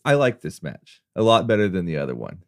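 A man's voice: sits low, big pitch swings, brisk, no echo, clean studio sound. A man co-hosting a podcast, bantering in a goofy, slangy way. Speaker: podcast co-host. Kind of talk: casual chat.

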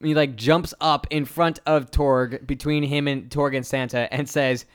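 A man's voice: medium pitch, steady tone, unhurried, hardly any pauses, clean tone. A man co-hosting a podcast in a casual movie-review chat, rambling, laughing often and searching for words. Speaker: podcast co-host.

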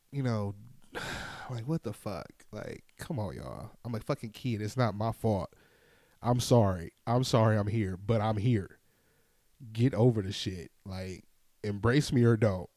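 A man's voice: on the low side, no echo, clean studio sound. A young man, hosting a podcast and telling a candid personal story in a casual monologue. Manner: candid, storytelling with animated acted-out quotes and swearing. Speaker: podcast host.

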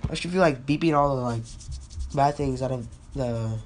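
A man's voice: mid-range voice, moderate pace. A teenage boy hosting a casual podcast, sick and coughing, rambling with lots of fillers and swearing. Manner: rambling, profane, filler-heavy. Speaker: podcast host.

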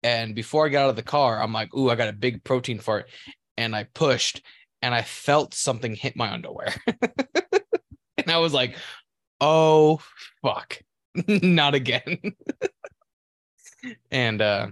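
A man co-hosting a casual podcast tells a crude story at length, rambling and laughing along the way. His medium-pitched voice is a bit bright, recorded dry at studio quality.

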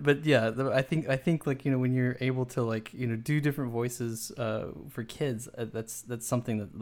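A man hosting a casual live audio chat, talking in a halting way with lots of fillers and restarts. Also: medium pitch, darkish tone. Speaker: podcast host.

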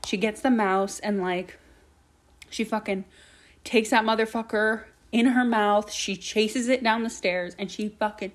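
A woman's voice: medium pitch, fairly even intonation, a little slow. Chatty young woman podcaster, swearing freely. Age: young adult. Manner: chatty, swears a lot, jumps between topics. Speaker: podcast host. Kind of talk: casual rambling monologue.

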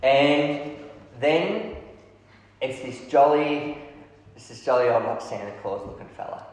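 A man preaching a storytelling sermon, lively, acting out the dialogue of the people in his story. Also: mid-range voice, a little slow, slight background noise. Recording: echoey hall, heavy reverb.

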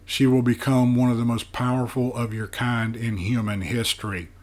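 A man doing a hoarse, whispering old monster. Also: medium pitch, flat delivery, normal speed, close to an everyday voice. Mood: foreboding. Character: ancient scarred chained male monster, sad and wise. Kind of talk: audiobook character voice.

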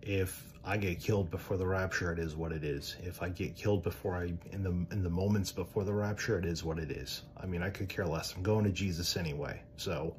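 Deep-voiced male podcaster, earnest and direct, loose rambling delivery. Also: steady tone, a little fast, few pauses, a little hiss or hum. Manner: rambling, with many fillers and restarts. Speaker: Christian podcaster. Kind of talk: casual religious talk.

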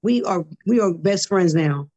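A woman guest on a podcast, telling her story in a casual, animated way, acting out conversations and repeating words when excited. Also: fairly low pitch, measured pace.

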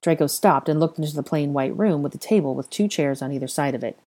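A woman reading fan fiction aloud in a steady, even narration. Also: low-pitched, quick pace. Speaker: reader.

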